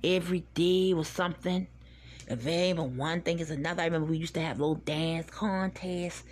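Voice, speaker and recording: A woman with a low, slightly rough voice hosts a podcast, telling rambling childhood stories in a laid-back, casual monologue. She swears and laughs as she reminisces.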